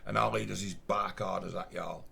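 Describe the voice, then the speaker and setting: Lancashire bloke with a gravelly, husky voice, blunt and sweary, telling a story. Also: male voice, low-pitched, steady tone, normal speed, pushed and bright. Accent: Northern English, Lancashire. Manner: blunt, swears often, acts out quoted voices. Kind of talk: casual storytelling.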